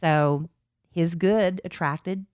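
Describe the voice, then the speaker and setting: A woman's voice: fairly low pitch, steady tone, drawn-out words, darkish tone, no echo, studio quality. A woman co-hosting a casual chat podcast, chatty and reflective, teasing her co-host now and then.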